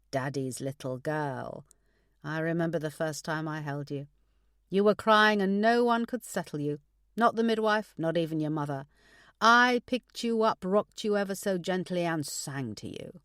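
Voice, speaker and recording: In this audiobook, a frail older father grumbles like a stubborn teenager, then turns soft and nostalgic, as a woman puts him on. The voice sits a little low and comes across dry and close. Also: clear, resonant tone, dry recording. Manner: grumbling, sentimental.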